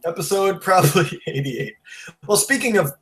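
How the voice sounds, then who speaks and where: A man hosting a casual podcast chat, wired on coffee, rushed and rambling, blunt and profane. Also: high voice, expressive. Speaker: podcast host.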